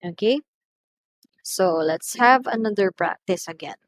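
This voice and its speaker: A woman with a Filipino accent teaching an English lesson, slowly and deliberately, stressing example words loudly. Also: mid-range voice, expressive, no room sound, low-quality recording. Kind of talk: recorded lesson.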